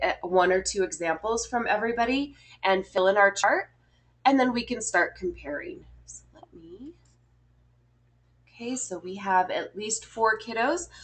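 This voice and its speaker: Woman teacher, slightly high-pitched, encouraging, classroom lesson, lots of ums. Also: a bit bright.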